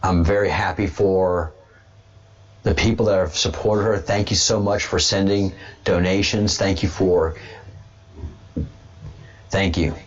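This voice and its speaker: A man with a fairly low voice hosts a casual political livestream. He rambles, repeats words and restarts his sentences as he goes. The sound is dull and lo-fi. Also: steady tone, measured pace, long pauses. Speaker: host of a livestream show.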